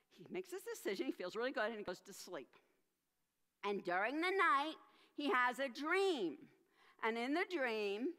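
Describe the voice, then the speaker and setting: A woman minister tells a story in an expressive, animated way, with gasps for effect. Her voice is bright and sits fairly high, ranging widely in pitch. A long sanctuary reverb surrounds her. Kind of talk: storytelling for all ages in a church service. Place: church sanctuary.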